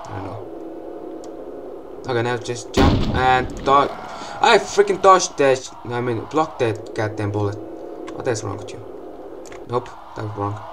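A young man giving excitable gameplay commentary, swearing often and breaking into loud outbursts and laughs. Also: medium pitch, measured pace, creaky, noisy background.

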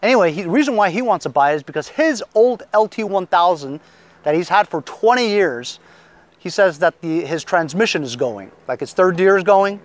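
A man's voice: high-pitched, lively intonation, brisk. A middle-aged man reselling lawn mowers, chatting casually and rambling with lots of fillers. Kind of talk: casual chat.

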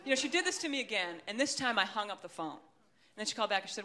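A woman's voice: medium pitch, expressive, quick pace, pushed and bright. A woman comedian doing a stand-up set, self-deprecating and rambling, with dry asides. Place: comedy stage before a live audience.

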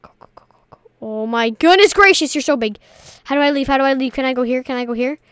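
A young woman commentating a horror game as she plays, excitable and easily scared, shrieking at frights and dropping to whispers. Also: high voice, quick pace, clean tone, no echo, studio quality. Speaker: gaming video creator. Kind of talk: let's play commentary.

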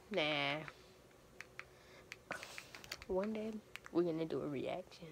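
A young woman talks to her viewers in a low voice, rambling and circling back over the same points. She speaks casually from inside a camper, with faint noise behind her. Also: normal speed, gravelly. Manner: rambling, repeats herself, addresses viewers as y'all. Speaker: vlogger. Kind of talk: casual vlog chat.

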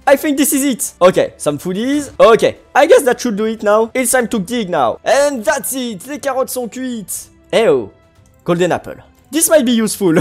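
A gaming host, commentating Minecraft gameplay in an excitable way, exclaiming and laughing often. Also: mid-range voice, moderate pace, soft background music.

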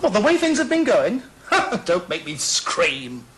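An actor playing a clumsy, flustered son-in-law who makes dry, sarcastic asides. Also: male voice, high-pitched, huge pitch swings, unhurried, heavy background noise, heavily acted. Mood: flustered wry. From England. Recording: sitcom studio with audience laughter.

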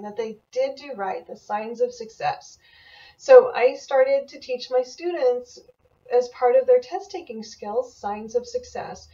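Animated middle-aged woman, high and mellow. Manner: enthusiastic, animated storytelling. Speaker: animal communicator teaching a class. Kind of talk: mentoring talk to camera. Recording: dull, lo-fi audio from a distance.

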